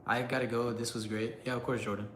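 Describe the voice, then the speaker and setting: Dude on a live stream reading chat and joking around, halting when he switches languages. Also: mid-range voice, flat delivery, slight background noise. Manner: laughs often, loose and joking.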